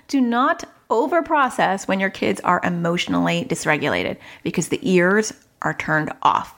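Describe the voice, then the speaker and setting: A woman's voice: on the low side, lively intonation, a little slow, gravelly, a bit bright. Chatty woman podcast host giving parenting advice. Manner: chatty, laughs at herself, acts out child voices.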